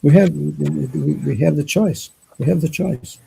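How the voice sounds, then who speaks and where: A man's voice: on the high side, unhurried, vocal fry, mellow, a little hiss or hum, low-quality recording. A man hosting a live talk show, talking in a reflective, rambling way about responsibility and going inward. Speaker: host. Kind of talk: casual chat.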